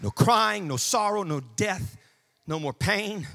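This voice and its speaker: A pastor preaching in church, his voice high and bright. He swings from hushed murmurs up to ringing shouts, pitch leaping all over. The delivery is animated and full of drive. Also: slow pace, gravelly. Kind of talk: sermon.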